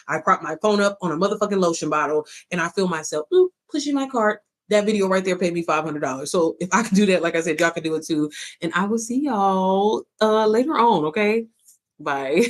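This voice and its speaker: A woman chatting casually on a livestream to her followers, playful and sassy, swearing freely and calling them sis and baby. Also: medium pitch. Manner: calls listeners sis and baby. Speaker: online business coach.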